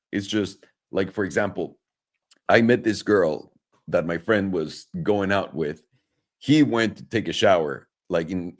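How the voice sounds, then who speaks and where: A man from Mexico with a lowish voice tells a story in a loose, profane podcast chat. He talks with energy and acts out each person's lines as he goes. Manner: animated, profane, acts out quotes. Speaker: podcast host.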